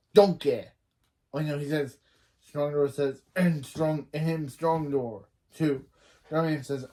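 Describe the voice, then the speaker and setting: A man with a fairly high voice retells a movie scene by scene in a casual, rambling way. He recites each character's lines in turn and keeps stopping to correct himself partway through a sentence. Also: a little mellow. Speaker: reaction channel host.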